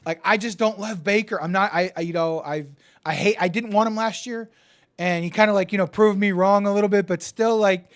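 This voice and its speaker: Fast-talking excitable man, sports chat. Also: sits high. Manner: profane, excitable, stammering restarts; die-hard team fan, swings from yelling to muttering. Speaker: podcast co-host. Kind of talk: casual sports betting chat.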